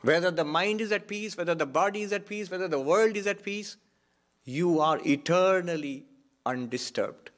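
A monk giving a reflective spiritual talk, repeating key phrases for emphasis. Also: male voice, high voice, normal speed. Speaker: monk and Vedanta teacher.

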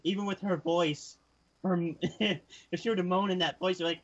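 A man's voice: high-pitched, steady tone, moderate pace, dull audio. A man chatting casually about movies, telling crude jokes and laughing as he talks. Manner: crude joking, laughs while talking. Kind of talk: casual chat.

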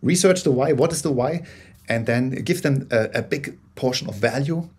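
Husky-voiced man explaining on a call. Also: medium pitch, moderate pace. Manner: many restarts, animated bursts, laughs. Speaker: guest, corporate storyteller. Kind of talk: conversational interview, explaining.

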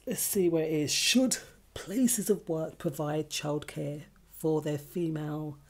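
A woman co-hosting a casual chat show, feeling a bit unwell, chatty and quick to laugh. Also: low-pitched, dark tone, husky. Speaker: podcast co-host.

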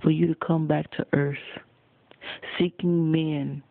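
A man preaching a sermon, addressing his listeners directly and accusingly at a deliberate pace. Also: on the high side, flat delivery, vocal fry. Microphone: phone. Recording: tinny phone recording, dry.

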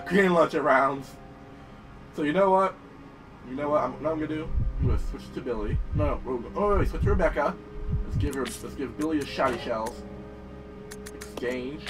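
A young man commentating his gameplay, excitable and profane, often yelling at the game. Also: a little high, far from the mic. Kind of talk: let's play commentary.

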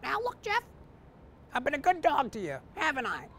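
A man doing a talking dog, pleading, high-pitched, animated, faint background noise. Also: moderate pace, full character voice.

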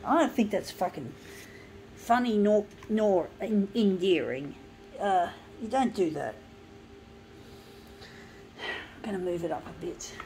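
Angry swearing woman, gravelly. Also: medium pitch, expressive, slow, long pauses, a little mellow, slight background noise, low-quality recording. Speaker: craft vlogger. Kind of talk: ranting while crafting.

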